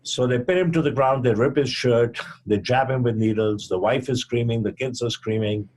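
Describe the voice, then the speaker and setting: An older man from India, a physician guest on a podcast, telling a story in a measured way and acting out the quoted dialogue. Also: medium pitch, a little mellow.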